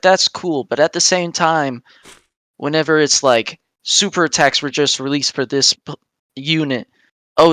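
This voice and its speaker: A man's voice: medium pitch, sharp tone, smooth, no room sound, clean studio sound. Enthusiastic man rambling about a game. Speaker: podcast co-host. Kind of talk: casual chat about a mobile game.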